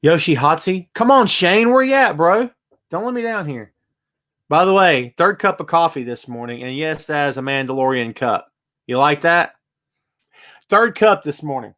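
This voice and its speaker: A man's voice: fairly high pitch, lively intonation, moderate pace, fairly bright tone. A man hosting a casual live-streamed wrestling podcast from his home, chatty and greeting viewers by name. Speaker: podcast host. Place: home room with bass amp.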